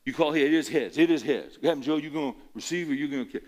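A man voicing a drawling Southern football referee who makes loud, formal, repetitive calls with a Southern US accent. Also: lightly acted. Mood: booming. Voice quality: loud, booming announcements. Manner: slow, repetitive official calls.

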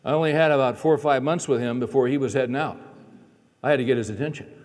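Middle-aged male pastor, sermon, mellow voice, long hall echo. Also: medium pitch, quick pace. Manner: storytelling, shifts between loud preaching and quiet aside.

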